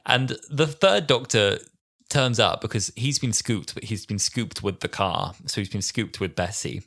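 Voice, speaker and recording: A man in his twenties co-hosting a podcast, telling scenes in an animated way and acting out the characters. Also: fairly low pitch, a little slow, vocal fry. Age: 20s. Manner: animated storytelling, acts out scenes with big voices. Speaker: podcast co-host. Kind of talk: casual chat.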